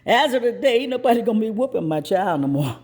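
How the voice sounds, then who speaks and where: A woman's voice: on the high side, very animated, fast, darkish tone. Woman playing a fierce, commanding mother. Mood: stern. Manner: commanding, clipped and firm. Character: fierce no-nonsense mother, protective and stern.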